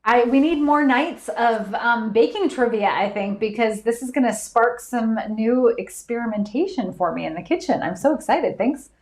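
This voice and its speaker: A woman hosting a live trivia stream, chatty and quick to laugh as she reads out viewers' answers. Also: a little high, darkish tone, roomy sound. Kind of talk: casual live-stream chat.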